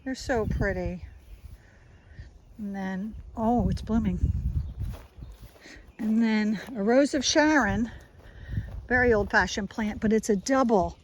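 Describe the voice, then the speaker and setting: A woman with a South Jersey accent walks through her backyard garden, talking in an easy, enthusiastic way as she points out each plant. Her voice sits in an ordinary middle pitch, and a faint outdoor hum stays in the background. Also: slow pace, pauses often, rough recording. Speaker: gardener giving a garden tour. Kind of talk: casual walking garden tour.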